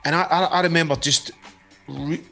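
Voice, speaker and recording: A man, a band's singer, telling a story in casual chat, animated and full of swearing. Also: a little high, moderate pace, vocal fry, faint music behind. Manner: animated, swears a lot, acts out quotes. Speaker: band singer.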